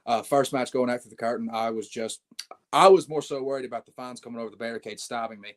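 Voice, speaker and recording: A man's voice: mid-range voice, fast talker. A brash young man, a wrestling champion, telling swaggering stories in a casual interview and calling people mate.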